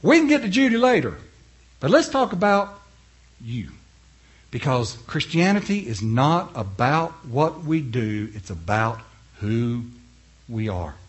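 A male pastor preaching a sermon in an emphatic way, swinging from hushed to loud and putting rhetorical questions to the congregation. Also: mid-range voice, very animated, a little slow, husky.

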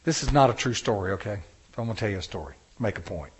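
A male preacher delivering a sermon, stressing words slowly and telling stories to the congregation. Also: on the low side, lively intonation, breathy edge. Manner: emphatic, drawn-out stresses, storytelling.

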